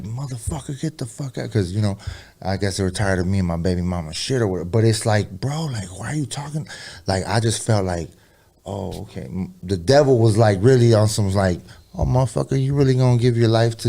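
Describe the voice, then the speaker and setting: A man telling a personal story in a rambling, profane way, full of slang asides, who drops low and quiet for the eerie parts. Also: gravelly. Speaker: podcast guest, rapper. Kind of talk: casual storytelling interview.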